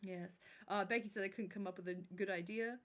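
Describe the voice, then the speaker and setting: A woman's voice: mid-range voice, steady tone, a little fast. A woman in the middle of her range hosts a casual livestream. She chats with her viewers and a co-host, swears lightly and laughs easily.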